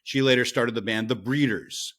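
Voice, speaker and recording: A man co-hosting a podcast in casual chat, pausing with fillers and correcting himself as he goes. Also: medium pitch, fairly bright tone. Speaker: podcast co-host.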